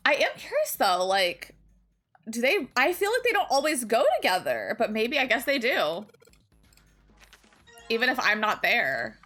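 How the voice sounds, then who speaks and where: Young woman, streamer, bright voice, casual chatty reading. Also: a little high, sing-song, measured pace, long pauses, soft background music. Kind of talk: reading a visual novel aloud and chatting.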